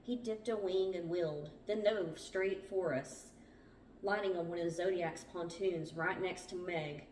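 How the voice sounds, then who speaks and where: A woman's voice: lowish voice, a little slow, darkish tone, a little hiss or hum. Woman reading a memoir in a roomy space. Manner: plain storytelling read with small stumbles. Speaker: book club host. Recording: roomy, distant from the mic.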